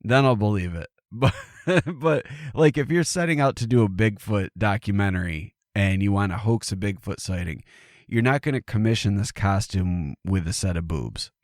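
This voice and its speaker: A man's voice: fairly low pitch, moderate pace, no echo, studio quality. A man co-hosting a podcast, chatting casually and joking around, laughing often. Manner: joking, laughs often, puts on silly voices. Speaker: podcast co-host. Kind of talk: casual comedic chat.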